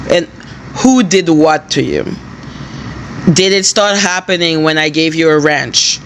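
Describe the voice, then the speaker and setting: A woman's voice: sits low, a little slow, a little hiss or hum. A woman hosting a live stream, angrily scolding her chat moderators with lots of swearing. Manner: angry, profane, scolding. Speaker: livestream host.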